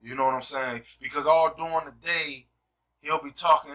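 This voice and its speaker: Emphatic man with a very bright voice, distant mic. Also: fairly high pitch, fairly even intonation, moderate pace. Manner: emphatic, repeats "you see what I'm saying". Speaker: host. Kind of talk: casual discussion, preacher-like.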